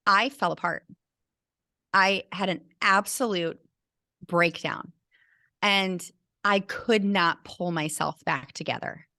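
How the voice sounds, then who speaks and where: A woman's voice: mid-range voice, sharp tone, no room sound, clean studio sound. A middle-aged woman, a teacher and burnout coach, telling a personal story earnestly and with feeling as an interview guest, often restarting her sentences. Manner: earnest, emotional, with many restarts.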